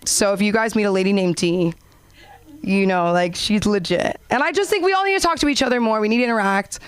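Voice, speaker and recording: A young woman doing a stand-up comedy set and hosting an open mic, animated and acting out characters in high voices. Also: a little fast, clean tone, dry recording. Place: comedy club stage.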